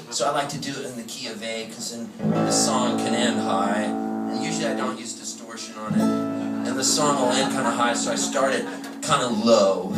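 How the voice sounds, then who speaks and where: A touring singer-songwriter man telling a comic story on stage in an animated, quick-witted way, recorded live in a club with a distant mic. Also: mid-range voice. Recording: echoey live room, distant mic, loud guitar.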